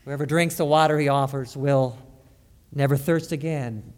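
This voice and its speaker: A man preaching a sermon as pastor, halting and repeating words, then rising to emphatic stress. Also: medium pitch, fairly even intonation, long reverb tail. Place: church sanctuary.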